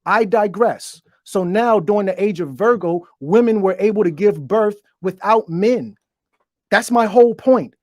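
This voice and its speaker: An online show host delivers a profane, preachy monologue to viewers, stuttering along the way. They speak into a desk microphone that gets bumped, in a medium-pitched, slightly mellow voice at a measured pace, recorded dry and clean in a studio.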